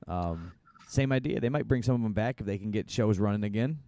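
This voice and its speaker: A man's voice: lowish voice, a little fast, dark tone, no echo. A man co-hosting a podcast in casual chat, telling stories animatedly and laughing often. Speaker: podcast co-host.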